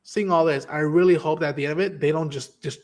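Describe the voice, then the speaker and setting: Host, male, slightly higher voice; lively, profane, conversational. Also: fast talker. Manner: animated, profane, acts out quotes. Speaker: stream host. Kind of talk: casual spoiler review chat.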